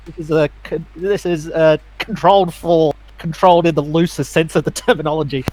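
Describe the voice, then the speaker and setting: A man's voice: fairly high pitch, steady tone, fairly quick, a little mellow, low-quality recording. A man playing in a tabletop game, casually explaining his moves. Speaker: player. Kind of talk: casual tabletop gaming chat.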